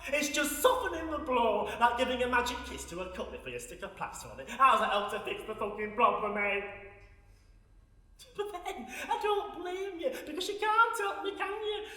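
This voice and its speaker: A man's voice: extremely high pitch, lively intonation, normal speed, bright, forceful tone, full character voice. An actor playing a lonely, foul-mouthed old woman from Sheffield in a stage monologue, blunt and darkly wry, swearing freely. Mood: bitter sardonic. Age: older. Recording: echoey hall recorded from a distance.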